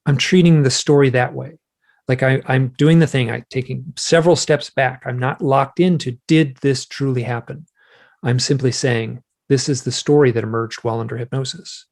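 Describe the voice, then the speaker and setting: A man with a gravelly, mid-pitched voice tells a personal story as a guest in conversation. He retells it in an animated way, acting out what he said. His delivery swings between quiet reflection and loud, heated quotes. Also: moderate pace. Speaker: guest author.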